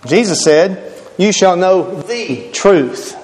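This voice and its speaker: A man's voice: high voice, lively intonation, takes it slowly, a little mellow, long reverb tail. A man preaching a sermon, emphatic and quoting scripture, repeating key words for stress.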